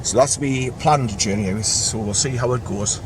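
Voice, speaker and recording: A man's voice: mid-range voice, normal speed. Guy chatting to the camera outside by his car, spells out place names, bit of noise behind. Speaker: vlogger. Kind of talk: casual walking vlog narration. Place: outdoors beside a parked car in countryside.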